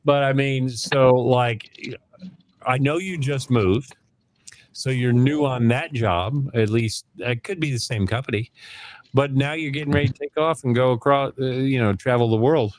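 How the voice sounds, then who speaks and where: A middle-aged man with a medium-pitched voice hosts a live online hangout over a video call, speaking at a moderate pace. His casual chat rambles and jokes, with lots of ums.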